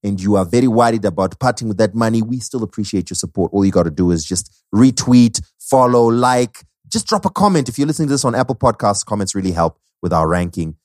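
A podcast co-host closes out the episode with playful plugs and jokes, lively and teasing throughout. His voice is lowish and he talks fast with hardly any pauses, recorded in a clean studio with no echo.

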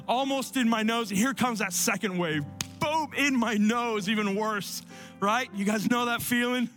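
A man preaching a sermon and telling a personal story, often dropping to soft, low tones for emphasis. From Cuban family. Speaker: pastor.

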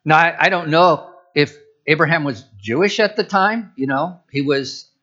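A man's voice: a little high, normal speed, fairly bright tone, dull audio. A man preaching as a pastor, conversational, with asides and restarts. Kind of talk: sermon.

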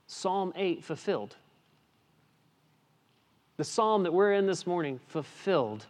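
A male pastor preaching a sermon, swinging between hushed and emphatic lines, with casual asides. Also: mid-range voice, normal speed, long pauses. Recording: long hall reverb.

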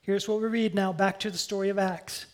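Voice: mid-range voice, fairly even intonation, a little fast. A pastor preaching a sermon in a conversational way, with asides and self-corrections.

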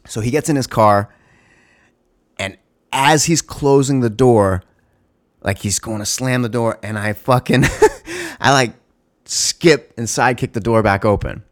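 A man telling a story in casual, animated talk, heavy on swearing, fillers and restarts. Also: fairly low pitch. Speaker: former store security guard.

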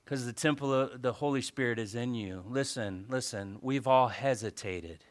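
A male pastor preaching a sermon, telling a story with animated swings between soft asides and loud exclamations. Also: medium pitch, normal speed.

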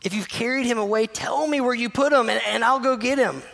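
A woman's voice: a little high, brisk, gravelly, fairly bright tone, pitched above the performer's own voice, low-quality recording. A man voicing a grieving woman who desperately pleads for answers at an empty tomb. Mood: pleading. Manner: pleading, urgent.

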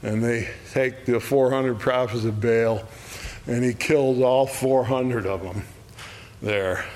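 A man teaching an adult Bible study, retelling a story with lively acted quotes and chuckles. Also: medium pitch, takes it slowly.

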